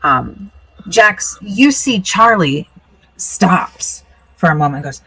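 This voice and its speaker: Low-voiced woman game master, filler-heavy. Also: animated, bright, forceful tone, breathy edge, far from the mic, low-quality recording. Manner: casual, many filler pauses. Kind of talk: narrating a tabletop game.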